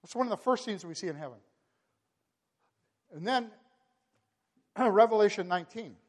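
A man's voice: sits high, lively intonation, moderate pace. A man preaching a sermon, impassioned and repetitive, building to emphatic peaks. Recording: long hall reverb.

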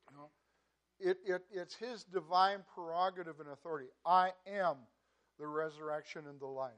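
High-voiced man preaching. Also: moderate pace. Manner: conversational, repeats words, frequent "you know"; swings between loud emphasis and quiet asides. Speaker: pastor. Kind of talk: sermon.

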